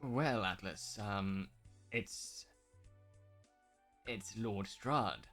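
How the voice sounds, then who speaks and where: A man playing a tabletop game, speaking in a measured, formal way. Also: on the low side, a bit bright, faint music behind. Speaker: player.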